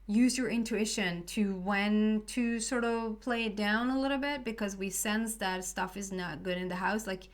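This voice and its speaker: A woman giving a casual spoken tarot reading, rambling with many fillers and restarts. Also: mid-range voice. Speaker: tarot reader.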